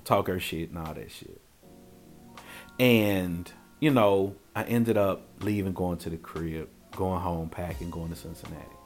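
A man telling a profane personal story in a casual, animated way, acting out his own quoted lines. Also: low-pitched.

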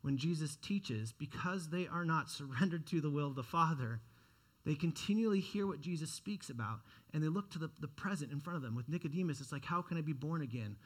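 A young adult man preaching a sermon in an earnest way, often restarting phrases and swinging from quiet to loud. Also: fairly high pitch, lively intonation, brisk. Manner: earnest, repeats words and restarts phrases, dynamic rises and drops in loudness. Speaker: pastor.

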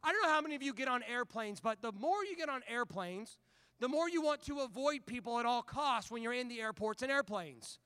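A man preaching a sermon, telling a personal story in an animated, conversational way before turning to scripture. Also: very high-pitched, fairly quick, clean tone, no room sound, clean studio sound. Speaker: pastor.

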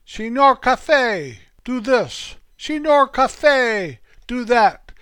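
A man's voice: very high voice, very animated, slow, sharp tone, smooth, dry recording, pitched above the performer's own voice, full character voice. A man voicing a tall, kindly older male Spanish teacher who calls out students by nicknames in a singsong way. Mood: bossy.

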